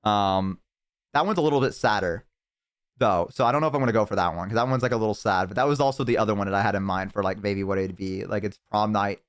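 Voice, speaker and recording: Swearing, animated young male streamer. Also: lowish voice, fast talker, clear, resonant tone. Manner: animated, swearing, jumps into loud excited bursts. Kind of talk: casual live-stream chat.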